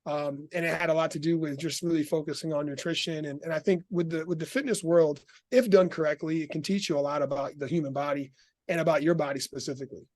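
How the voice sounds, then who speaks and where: A middle-aged man as an interview guest, telling his story in an animated, laughing way. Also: a little high, fast talker, no echo.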